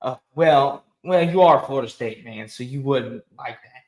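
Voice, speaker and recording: A man hosting a casual sports talk show, ranting emphatically and talking with animated energy. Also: mid-range voice, moderate pace, reverberant, poor audio. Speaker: host.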